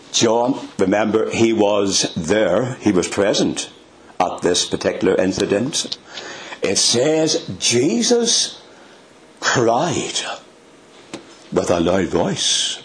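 Slow, low-voiced male preacher. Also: expressive, slight background noise. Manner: dramatic, slow and emphatic with sudden rises in pitch. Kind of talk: sermon.

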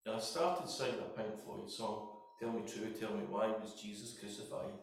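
A man's voice: fairly low pitch, steady tone, moderate pace. Scottish man sharing a tearful testimony. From Scotland. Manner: emotional storytelling, voice breaking into tears at times. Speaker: church testimony speaker. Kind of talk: personal testimony. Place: church hall. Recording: echoey hall, distant mic.

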